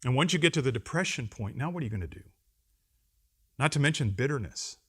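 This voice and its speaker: Man, pastor, middle-aged, medium pitch, animated conference address, wry humor, loud emphasis and quiet asides. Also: quick pace, husky. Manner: wry humor and acted-out quotes. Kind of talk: conference address to seminary students. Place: seminary campus lecture.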